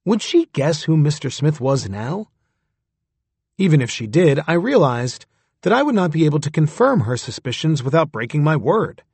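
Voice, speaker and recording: A man with a husky voice narrating a story in the first person, in a close, dry recording. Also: fairly high pitch, big pitch swings, moderate pace, darkish tone, no echo. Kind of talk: scripted audiobook narration.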